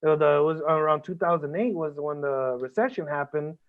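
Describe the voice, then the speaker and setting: A man speaks as a podcast guest in an emotional, heartfelt conversation. He talks earnestly, swears freely and often stops to restart a sentence. His voice sits fairly high and comes through thin and band-limited, like a phone line. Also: brisk.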